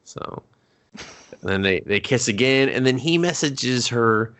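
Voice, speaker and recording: A man co-hosting a movie podcast, recapping the plot in a profane, jokey way with quick put-on quotes. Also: medium pitch, expressive, a bit bright. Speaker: podcast co-host. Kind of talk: casual movie recap chat.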